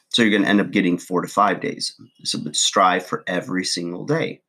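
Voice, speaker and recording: A man's voice: low-pitched, a bit bright, breathy edge. A man who trains gym clients, talking casually to camera in a rambling, folksy way while chewing gum. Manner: rambling, folksy, many fillers like "you know". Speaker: fitness trainer and video creator. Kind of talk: casual to-camera vlog talk.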